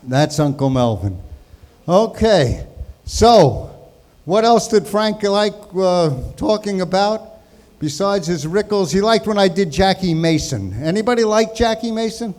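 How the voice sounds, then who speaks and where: A man's voice: high voice, expressive, measured pace, a little mellow. A man in his sixties from New York telling jokes and stories in a chatty stand-up tribute set. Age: 60s. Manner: jokey, chatty storytelling. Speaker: comedian.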